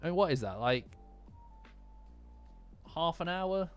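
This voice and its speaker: Over faint lofi music, a Nottingham man with a fairly high, animated voice speaks slowly in his local accent. He is streaming a reaction to a manga chapter, reading it out to chat in a loose, rambling way, easily distracted and self-mocking.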